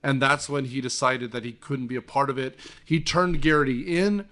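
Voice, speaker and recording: A man hosting a casual movie-review podcast, retelling the plot with lively, swearing energy. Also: mid-range voice, normal speed. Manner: animated, swearing, acts out scenes. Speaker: podcast host.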